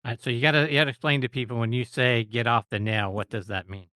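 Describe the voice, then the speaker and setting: Quick bright-voiced male host. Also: medium pitch, no echo. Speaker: interview host. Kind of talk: interview questions.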